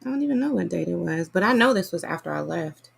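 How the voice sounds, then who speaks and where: Chatty woman with a gravelly voice. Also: fairly low pitch, fast. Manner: chatty, animated, says y'all often. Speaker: vlogger reviewing a book. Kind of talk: casual chat.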